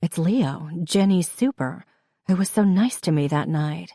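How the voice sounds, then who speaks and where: A woman reading a novel aloud in the first person, with calm, reflective storytelling. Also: on the low side, measured pace, no echo, studio quality. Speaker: audiobook narrator. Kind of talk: first-person scripted narration.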